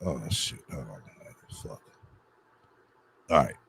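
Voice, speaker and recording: Very deep gravelly streamer, muttering and cursing. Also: male voice, expressive, takes it slowly, a bit bright, a little hiss or hum, poor audio. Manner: frustrated, muttering and swearing while fixing the stream setup. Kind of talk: casual live-stream talk to viewers.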